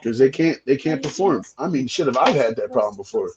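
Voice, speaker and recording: A man's voice: medium pitch, lively intonation, fairly quick, muffled recording, a crowd in the background. A man chatting casually as host, cursing often and stammering through repeated words. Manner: profane, stammering, repeats himself. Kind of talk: casual chat.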